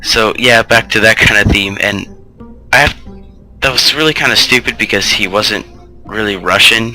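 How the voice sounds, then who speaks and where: A man's voice: on the low side, bright, forceful tone, rough recording. A man hosting a let's play, giving loose, rambling gameplay commentary full of asides.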